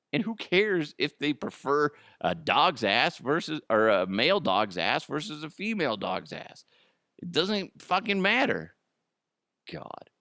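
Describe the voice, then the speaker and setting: A man's voice: a little high, gravelly, fairly bright tone, no room sound, studio quality. A man hosting a solo comedy podcast, swearing freely and laughing at his own jokes. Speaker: podcast host.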